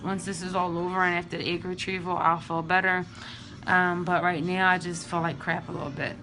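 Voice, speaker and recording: A young woman vlogging casually and candidly about her day, sounding drained and low on energy. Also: pushed and bright. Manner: chatty, candid and emotional. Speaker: vlogger sharing IVF updates. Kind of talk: casual vlog.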